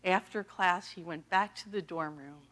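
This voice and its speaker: Fairly low-pitched and speaking at normal speed, an associate pastor in her middle years from the US East Coast shares a testimony sermon. Laughter comes often in her animated storytelling.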